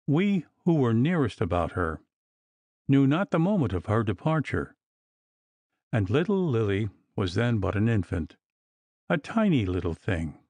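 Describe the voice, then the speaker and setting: A man reading as a gentle old rector. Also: fairly low pitch, big pitch swings, unhurried, no room sound. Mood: tender. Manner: tender, rambling.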